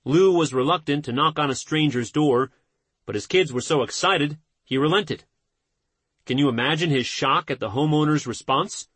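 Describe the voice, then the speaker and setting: A man narrates a book in a husky, slightly high voice, keeping his delivery measured and earnest. The recording is dry and close, with no room sound around him. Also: fairly bright tone, no echo. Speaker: audiobook narrator. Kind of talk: scripted narration.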